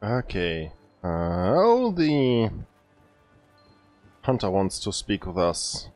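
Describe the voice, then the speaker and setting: A man hosting a let's play, giving relaxed commentary with mumbled asides. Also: lowish voice, very slow, dry recording, faint music behind. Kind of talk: casual gameplay commentary.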